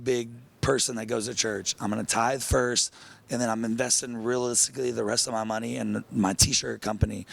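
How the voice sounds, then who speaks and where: A man in a bar talking with hesitant, halting starts. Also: medium pitch, creaky. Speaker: reality show contestant. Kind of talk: casual interview.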